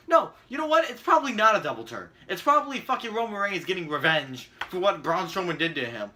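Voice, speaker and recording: A man's voice: sits high, sing-song, fast, hardly any pauses, bright, forceful tone. A man giving a profane, sarcastic ranting video commentary as a vlogger.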